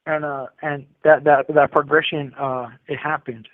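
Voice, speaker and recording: A man's voice: a little high, level tone, moderate pace, no echo. A man telling his prison story in casual street slang over the phone, rambling with fillers. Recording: tinny prison phone line.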